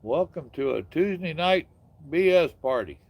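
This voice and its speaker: A man's voice: fairly high pitch, lively intonation, a little slow, darkish tone, no room sound. An older man hosting a casual live stream outdoors, chatting with viewers in a folksy, drawling way. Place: outdoors in the evening.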